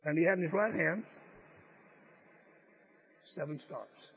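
A man's voice: a little high, slow pace, a bit bright, slightly rough, poor audio. A male preacher delivering a sermon as earnest storytelling, stressing key phrases and sometimes restarting his words. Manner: some stammered restarts.

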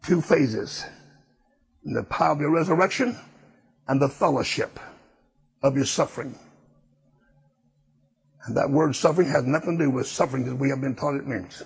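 A man's voice: mid-range voice, normal speed, gravelly, pauses often, husky. A man preaching a sermon, emphatic and repetitive in a folksy way.

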